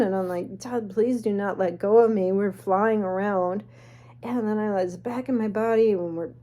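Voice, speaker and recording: A woman telling a spooky personal story in a chatty, animated way with snarky asides. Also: medium pitch. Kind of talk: casual storytelling.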